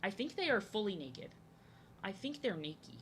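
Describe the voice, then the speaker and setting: A young American art streamer rambles casually to viewers as she draws, chatty and self-deprecating. Her mid-range voice is very animated and fairly bright at a moderate pace, with a little hiss or hum.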